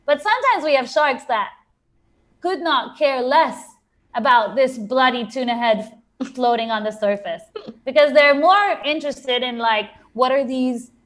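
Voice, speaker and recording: A woman who guides shark snorkeling trips talks with a chatty enthusiasm and plenty of fillers. Her voice sits slightly high. She speaks as an interview guest. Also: animated, measured pace, fairly bright tone. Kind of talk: casual interview talk.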